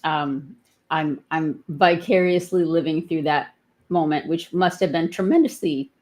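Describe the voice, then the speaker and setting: A woman chats as a guest on a live stream. Her voice sits a little low. She talks in a wry, articulate way and laughs easily. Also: a little slow, a little mellow. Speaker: guest, protest drummer. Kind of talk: casual live-stream chat.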